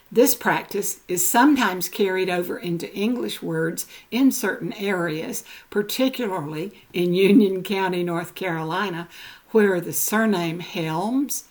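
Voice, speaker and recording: An older woman presenting genealogy notes, reading slowly and carefully, spelling out words letter by letter. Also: fairly low pitch, darkish tone.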